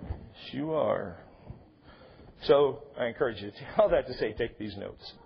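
A man's voice: medium pitch, brisk, creaky, husky, lo-fi sound. A male pastor preaching a sermon in a conversational way, with joking asides to the congregation. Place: church sanctuary.

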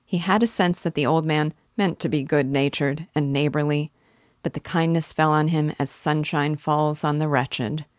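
A woman reads a classic novel aloud for her literature students. Her voice is low and the sound is dry and close, and she keeps a measured, even pace through long sentences. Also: no echo. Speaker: literature teacher.

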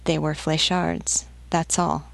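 A woman's voice: low-pitched, level tone, slow pace, vocal fry, a bit bright, dry recording, exaggerated voice. A woman voicing a frightened peasant mother who gives short, hesitant answers. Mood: fearful.

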